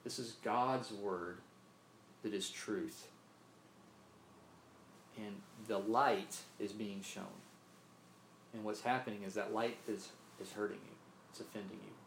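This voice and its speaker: A man's voice: on the low side, fairly even intonation, takes it slowly, creaky, pauses often, a little hiss or hum. A man from Mississippi preaching a sermon, earnest, often repeating himself and asking "right?". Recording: roomy echo, faint ambience.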